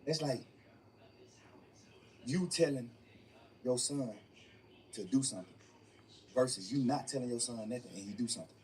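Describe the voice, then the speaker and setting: A man's voice: mid-range voice, normal speed, long pauses, dark tone. A young man being interviewed, telling his story emphatically and profanely, often repeating phrases. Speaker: interview guest. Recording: distant mic with faint room noise.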